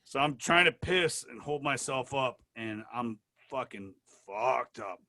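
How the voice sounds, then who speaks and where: A man as an interview guest, telling animated, profane anecdotes in casual talk. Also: mid-range voice, a little slow, no echo. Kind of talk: casual storytelling.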